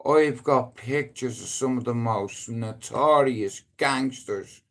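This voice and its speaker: Middle-aged Dublin man, unhurried drawl, casual live-stream rambling, swearing, sudden loud outbursts. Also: mid-range voice. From Ireland.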